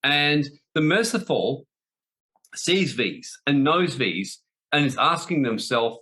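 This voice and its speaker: A man's voice: a little high, very animated, takes it slowly, bright, forceful tone. A man giving a spiritual talk, blunt and emphatic, often repeating phrases for stress. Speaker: spiritual teacher.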